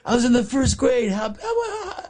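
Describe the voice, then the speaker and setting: A man's voice: very high voice, sing-song, moderate pace, darkish tone. A man in his fifties, a rock guitarist from San Francisco, telling rambling, profane stories with frequent laughs in a casual radio interview. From San Francisco, California.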